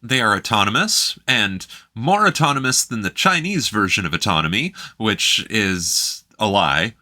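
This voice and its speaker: Canadian guy, very bright tone, wry deadpan co-host. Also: on the low side, moderate pace. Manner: dry, wry asides. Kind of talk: casual reaction chat.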